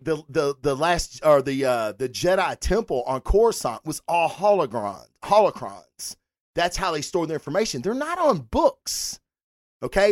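Lively, swearing fan-show host. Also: medium pitch, no echo, studio quality. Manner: animated, rambling, swears freely. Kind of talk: casual livestream talk answering chat.

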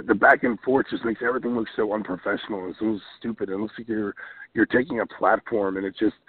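A man's voice: lowish voice, husky. A man guest on a podcast interview, talking in an emphatic, plain-spoken way and repeating himself for stress. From New Jersey. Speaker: wrestler and former football player, guest. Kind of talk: podcast interview over the phone. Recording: tinny phone line.

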